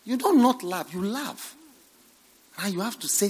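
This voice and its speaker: Preacher swinging from hush to shout. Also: male voice, high voice, lively intonation, a little slow, long pauses, slightly rough, big-room sound. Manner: dramatic swings from hushed near-whispers to loud emphatic shouts. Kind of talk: sermon.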